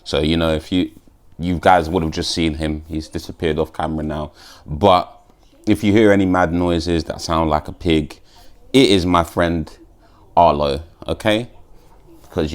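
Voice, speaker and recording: A man vlogging about MMA in a casual, sweary, stop-start chat to camera. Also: a bass voice.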